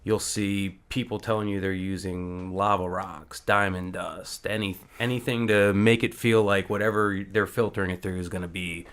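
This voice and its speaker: A man's voice: low voice, steady tone, moderate pace, few pauses, a bit bright, clean tone. A man, a company co-founder, giving casual interview answers in a matter-of-fact way.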